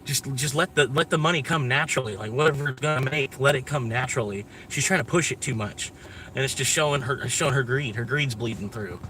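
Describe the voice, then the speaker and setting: An American man rambles through a casual vlog chat, swearing freely and circling his points with fillers. His voice sits at an ordinary middle pitch. A faint vehicle hum runs underneath. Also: a little fast, bright, forceful tone. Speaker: vlogger. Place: inside a moving vehicle.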